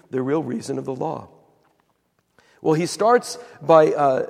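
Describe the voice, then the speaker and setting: A man preaching a sermon as pastor, telling a Bible story with animated retellings of the quoted voices. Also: a little high, creaky, in a large hall.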